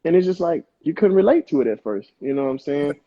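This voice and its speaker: Husky laid-back young man from Mississippi. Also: on the high side, animated, fast talker, dull audio. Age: 20s. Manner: laid-back, loose, lots of "you know what I'm saying". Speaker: rapper guest. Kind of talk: casual interview chat.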